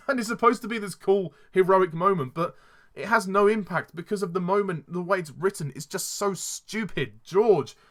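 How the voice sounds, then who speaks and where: A man's voice: sits high, moderate pace. A man giving a casual film review, exasperated and sarcastic, often laughing at what he criticizes.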